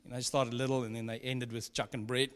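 A man's voice: medium pitch, flat delivery, fairly quick, clean tone. A man preaching a sermon as pastor, in a chatty, humorous storytelling way with frequent asides. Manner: conversational, humorous storytelling with laughs. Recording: long hall reverb.

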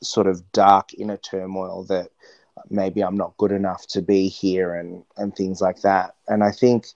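A man talking earnestly as an interview guest, reflecting slowly with frequent restarts. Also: low voice, level tone, darkish tone, no echo, dull audio. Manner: earnest, searching, many restarts. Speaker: interview guest, stage performer.

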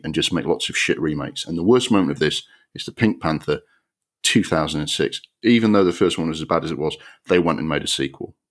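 A man with a very low voice rants about a film on his podcast, exasperated and sarcastic, swearing freely. His delivery swings between grumbling and incredulous outbursts. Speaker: podcast host. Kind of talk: ranting film review.

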